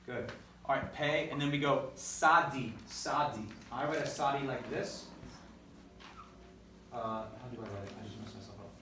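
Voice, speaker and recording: A man's voice: mid-range voice, moderate pace, sharp tone, slight background noise. A man teaching a classroom lesson, leading call-and-response drills with energy and correcting himself as he goes. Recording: echoey classroom recorded from far off.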